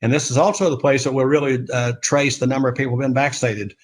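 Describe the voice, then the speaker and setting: A man's voice: mid-range voice, steady tone, quick pace, a little hiss or hum. A man presenting a product on a webinar, talking plainly and steadily with some fillers.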